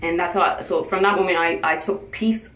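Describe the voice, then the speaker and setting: A woman's voice: on the low side, fairly even intonation, normal speed, fairly bright tone. A tired woman telling a personal story in a casual vlog, earnest and acting out what others said to her. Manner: earnest, retells conversations in quoted speech. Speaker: vlogger sharing her cancer journey. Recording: echoey room, voice from a distance.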